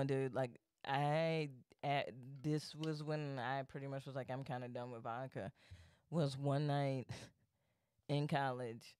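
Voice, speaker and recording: A man's voice: mid-range voice, darkish tone, clean tone, no room sound, studio quality. A young man co-hosting a podcast, telling a story animatedly, swearing freely and acting out what people said. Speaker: podcast co-host. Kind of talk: casual storytelling chat.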